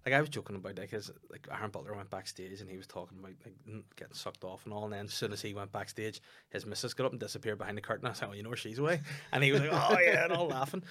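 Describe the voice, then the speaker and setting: A man's voice: fairly low pitch, very fast, hardly any pauses. A young Northern Irish man, a comedian, chatting on a podcast and telling stories with acted-out quotes. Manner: animated storytelling, acting out quotes. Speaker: stand-up comedian and podcast co-host. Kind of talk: casual podcast chat.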